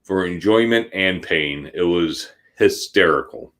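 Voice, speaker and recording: A man in his forties, co-hosting a podcast, telling an animated, laughing personal story in casual chat. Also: sits low, unhurried. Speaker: podcast co-host.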